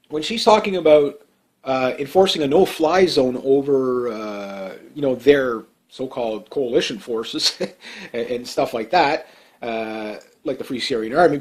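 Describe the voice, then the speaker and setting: A political commentator delivers a casual, heated monologue full of rambling, fillers, and restarts. His voice sits on the high side and is a little mellow.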